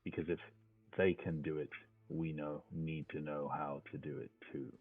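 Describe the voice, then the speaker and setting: A man's voice: a bass voice, little pitch movement, moderate pace, breathy edge, no room sound, soft background music. A man voicing a bitter, defiant male rogue who talks in a confrontational way. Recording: tinny phone-like line.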